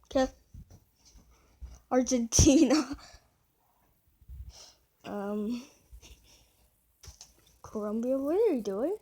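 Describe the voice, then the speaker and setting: A woman's voice: high voice, slow, long pauses, breathy edge. A young woman talking casually as she reacts to a video, bewildered and exclaiming, with frequent laughs.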